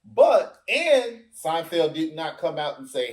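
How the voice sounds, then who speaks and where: A man's voice: fairly high pitch, unhurried. A man in casual podcast talk, telling stories animatedly and acting out what others said. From Africa. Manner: animated storyteller, acts out quoted voices. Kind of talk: casual discussion.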